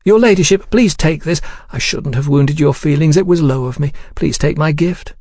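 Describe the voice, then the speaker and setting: A man voicing an excitable, coaxing middle-aged woman in a storybook reading. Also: a little high, normal speed, slightly rough, dry recording, studio quality, voice pushed up. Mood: pleading. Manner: coaxing, gushing, pleading.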